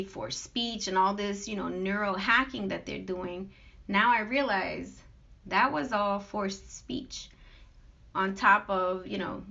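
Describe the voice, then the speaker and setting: Aggrieved woman ranting to camera, sharp bright voice, dull lo-fi sound. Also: medium pitch, gravelly. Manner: aggrieved, emphatic, piles up long lists. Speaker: vlogger addressing critics. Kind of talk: unscripted monologue. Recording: dull lo-fi recording.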